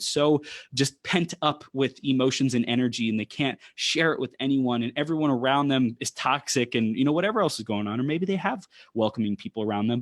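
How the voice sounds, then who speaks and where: A man's voice: medium pitch, dry recording. Fired-up motivational man, dry sound. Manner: fired-up, motivational, repeats himself for emphasis. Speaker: podcast guest. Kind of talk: enthusiastic casual chat.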